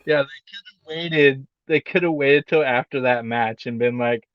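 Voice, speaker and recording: A man co-hosting a wrestling podcast in casual chat, rambling with lots of fillers and getting animated when he retells things. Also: mid-range voice, normal speed, dry recording, dull audio. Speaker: podcast co-host.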